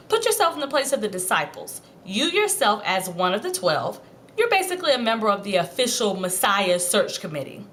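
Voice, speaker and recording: A woman telling a devotional Bible story in the second person, playful and animated, acting out bits of dialogue. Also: medium pitch, a little hiss or hum. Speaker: devotional teacher.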